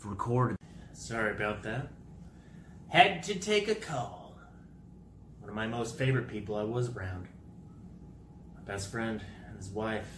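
A man rambling through a goofy comic monologue full of wordplay, swinging into loud exasperation. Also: on the low side, roomy sound, a little hiss or hum.

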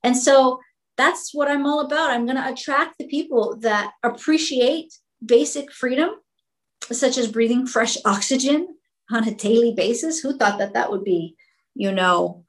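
A woman's voice: a little high, a little slow, poor audio. A woman who owns a school answers interview questions with passion, speaking emphatically and repeating words when she gets fired up. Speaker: school owner.

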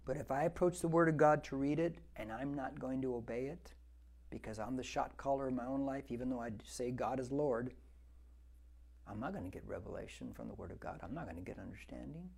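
A man's voice: medium pitch, a little fast, creaky, darkish tone, husky. A man in his sixties preaching a verse-by-verse Bible teaching, talking conversationally and repeating words for emphasis as he builds to fervent exhortation. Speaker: pastor.

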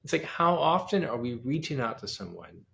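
Man with a gravelly voice telling a lively story. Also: medium pitch, normal speed. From United States. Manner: animated storyteller acting out quoted dialogue. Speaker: pianist and composer, guest. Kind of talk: casual interview storytelling.

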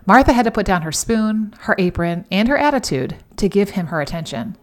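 A middle-aged woman hosting a devotional podcast in a chatty, emphatic way, with sudden animated outbursts. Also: mid-range voice, fairly quick. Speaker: podcast host.

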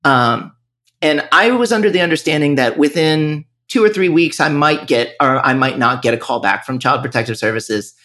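A man's voice: on the high side, expressive, normal speed, bright, forceful tone. A man who owns a music school, speaking candidly and reflectively in a podcast interview, often restarting his sentences. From northern Virginia.

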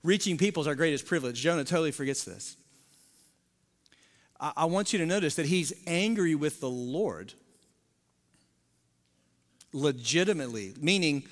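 A lead pastor, a man with a notably high voice, delivers a sermon to his congregation. He swings from loud, emphatic declarations to quiet, near-whispered moments and chats in asides. His voice rings through the long reverb of a large church sanctuary. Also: lively intonation, a little slow, long pauses.

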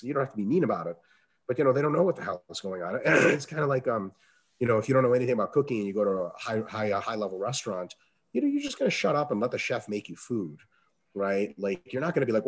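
Fast-talking husky man coaching. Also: on the low side. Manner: profane, animated, acts out quoted dialogue. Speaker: strength coach. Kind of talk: casual interview answers.

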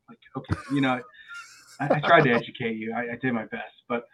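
A male airline pilot, a guest on a podcast, telling stories in a lively way and often restarting his words. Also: mid-range voice, fast talker. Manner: animated storyteller with frequent restarts and repeated words. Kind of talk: podcast interview chat. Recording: phone-like narrow sound.

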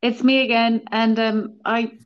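Woman with a halting, restarting delivery, on a slightly muffled recording. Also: a little high, level tone, clean tone. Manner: hesitant, full of restarts and fillers. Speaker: book club member presenting a pick. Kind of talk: casual chat.

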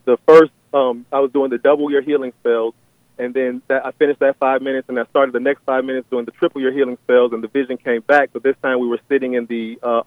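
A man's voice: mid-range voice, no echo. A man speaks over a tinny, dry phone line. He is calling in and tells a long vision, hesitant and full of ums and restarts. His voice sits in a middling register. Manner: hesitant, many fillers and restarts. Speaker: caller. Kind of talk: phone-in call sharing a vision. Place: on a phone call.

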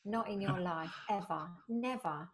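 A woman speaking as a guest in a relaxed interview, her voice at a medium pitch. She tells her stories with lively energy and acts out the dialogue as she goes. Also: measured pace. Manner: animated, acts out quoted dialogue with rising pitch. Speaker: podcast guest. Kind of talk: conversational storytelling.

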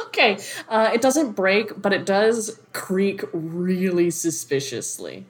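A woman narrating a tabletop game as game master, relaxed and often laughing. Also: medium pitch, slow pace. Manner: relaxed, giggly, many fillers.

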